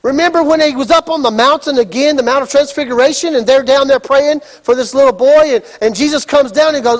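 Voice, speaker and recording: A pastor delivering a sermon, acting out the story with lively asides and shouts. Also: male voice, very high voice, brisk, hardly any pauses, big-room sound. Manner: animated storytelling, acts out scenes and shouts.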